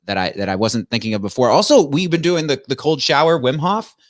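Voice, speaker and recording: A man taking part in a casual discussion. He talks in a hesitant, halting way, full of fillers and restarts. His voice is mid-pitched and recorded close and dry. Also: expressive, no room sound.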